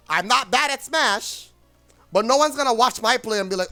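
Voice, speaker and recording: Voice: medium pitch, animated, normal speed, pushed and bright, faint music behind. A streamer in a casual livestream rant, rambling and blunt, with frequent swearing.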